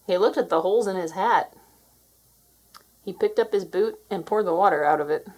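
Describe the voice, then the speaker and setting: A woman with a medium-pitched voice reads a children's picture book aloud at normal speed, telling the story expressively.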